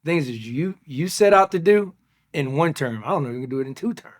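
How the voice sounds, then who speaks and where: A man's voice: fairly high pitch, expressive, fairly quick. A man hosting an interview show from a studio, greeting and praising his guest with enthusiasm. He often restarts his sentences and repeats words before landing his point. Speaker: podcast host.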